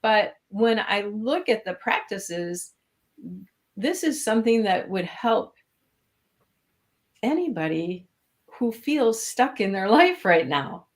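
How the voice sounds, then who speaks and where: A woman's voice: medium pitch, sing-song, takes it slowly, long pauses. A woman with a Minnesota accent, a guest in a casual live-stream interview, chatty and laughing often. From Minnesota, USA. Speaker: interview guest, course alumna.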